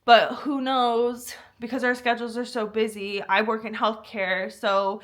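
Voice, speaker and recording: Woman doing a loud rambling New Jersey type guy, overexplaining, a bit higher than her usual. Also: little pitch movement, a little slow, natural voice. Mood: rambling eager. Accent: put-on New Jersey type. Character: chatty oversharing male buyer, healthcare worker.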